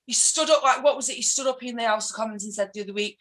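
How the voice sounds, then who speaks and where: A woman's voice: a little high, fairly bright tone, poor audio. A woman with a Mancunian accent, an activist guest talking politics with passion and mimicking people she criticises. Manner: passionate, ranting, quick to mimic others. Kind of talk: casual political interview.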